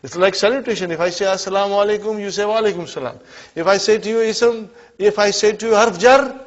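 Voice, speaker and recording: Speaking briskly in a high voice with fairly even intonation, a man teaches Arabic to a class. He leads call-and-response drills and regularly checks that students follow, and the classroom recording sounds muffled and lo-fi.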